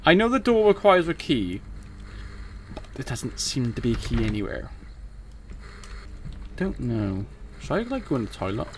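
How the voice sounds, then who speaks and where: A man's voice: medium pitch, very animated, normal speed, pauses often, slight background noise. A young man, commentating a horror game as he plays, jumpy and swearing at it. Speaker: gaming streamer.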